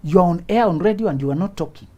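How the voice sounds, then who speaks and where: A man's voice: high voice, fast, warm tone, slight background noise. A man hosting a relationship talk show, giving advice in a preachy, repetitive way and often laughing as he acts out little scenes. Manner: preachy, repeats points for emphasis.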